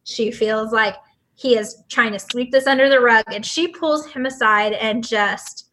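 A woman's voice: fairly high pitch, a little slow, a bit bright, slight background noise. A young woman guesting on a podcast in casual chat, opinionated and emphatic.

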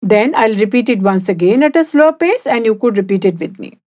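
A woman co-hosting a Hindi language podcast, giving clear prompts and slowly repeating phrases for learners. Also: medium pitch, expressive, a little mellow. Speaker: podcast co-host, Hindi teacher. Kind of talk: scripted language lesson.

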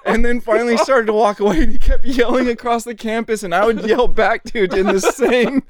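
A man co-hosting a podcast, telling a story in a casual, animated way, laughing often and saying "dude" a lot. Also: very high-pitched, fairly quick, crowd noise. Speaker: podcast co-host.

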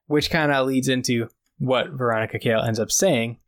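A man's voice: mid-range voice, fairly even intonation, moderate pace. A man in the middle of his register chats loosely on a podcast. He retells the action scene by scene, dropping in quoted lines and plenty of "like" fillers. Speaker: podcast co-host. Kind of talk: casual recap chat.

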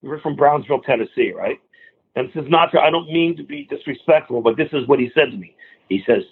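A man's voice: mid-range voice, a little fast, husky. A man in his sixties from the New York area, a guest musician telling long anecdotes and acting out the other people in them. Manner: animated anecdotal storyteller who acts out other people's lines. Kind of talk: storytelling interview. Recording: phone-like narrow sound.

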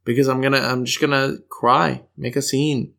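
A man's voice: mid-range voice, little pitch movement, moderate pace, vocal fry, fairly bright tone. A man with an American accent, co-hosting a podcast in casual, playful chat and telling rambling stories. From United States. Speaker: podcast co-host.

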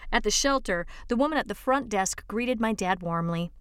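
A woman's voice: mid-range voice, animated, normal speed, clear, resonant tone, no room sound, studio quality. A woman reading a true-life story aloud for a reading service, lifting her voice for quoted lines. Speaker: volunteer reader. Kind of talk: read-aloud story narration.

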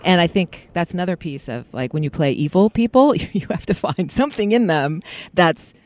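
A woman voice actress chatting casually in an interview, animated and full of fillers and restarts. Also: on the low side, moderate pace. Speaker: voice actress guest. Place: parking lot.

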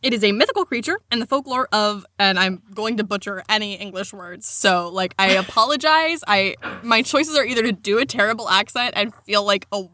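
Giggly American woman, bright crisp voice. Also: mid-range voice, a little fast, hardly any pauses, dry recording, clean studio sound. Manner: giggly, rambling, self-deprecating. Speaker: podcast co-host. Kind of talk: casual comedy chat.

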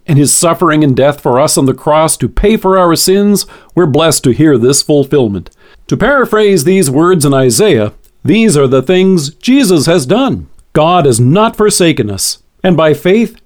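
A man reading a scripted devotional, quoting scripture in a measured, earnest way. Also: on the high side, darkish tone. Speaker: devotional speaker.

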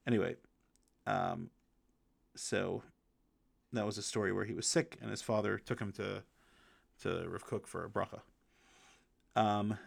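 A man reviewing a book by telling stories in a casual, halting way, with many restarts and fillers, lingering reverently on sayings. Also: fairly low pitch, vocal fry, no room sound.

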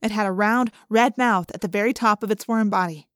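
Dry, expressive audiobook narrator, a woman. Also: fairly quick, no room sound. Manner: expressive, lifting pitch for dialogue. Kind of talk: audiobook reading.

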